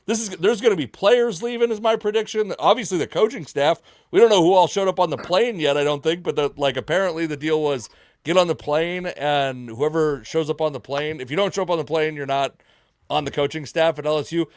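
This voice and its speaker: A man hosting a podcast, talking in an excitable, casual way. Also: a little high, a little fast, no room sound, clean studio sound. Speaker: podcast host. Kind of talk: casual chat.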